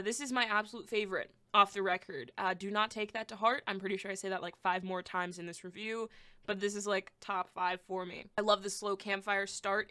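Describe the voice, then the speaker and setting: A young woman talks through an album on her podcast in a loose, casual review. Her voice is bright and forward, and she gets excitable, blunt and foul-mouthed, gushing over what she loves and bluntly trashing what she hates. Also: mid-range voice. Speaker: podcast host.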